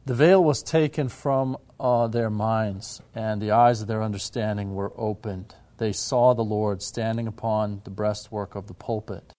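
A man giving a measured, reverent explanation of scripture and church history, with occasional fillers. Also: on the low side, steady tone, mellow. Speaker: religious history presenter.

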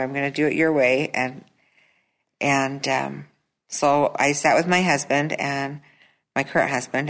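A woman's voice: rumbling low, fairly bright tone. A middle-aged woman telling her own story at a recovery meeting, hesitant, with many fillers and restarts. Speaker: recovery meeting member sharing. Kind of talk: personal testimony at a support meeting.

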